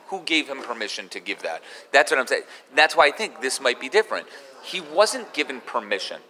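Man, fairly high and bright voice, animated Torah class, long hall reverb. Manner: animated, mixes in Hebrew terms. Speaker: rabbi giving a Torah class.

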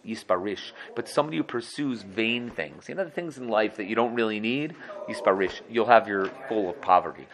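A man, a yeshiva teacher, giving a casual Torah lesson, quick and conversational, acting out students' excuses and laughing at his own jokes. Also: medium pitch, a bit bright.

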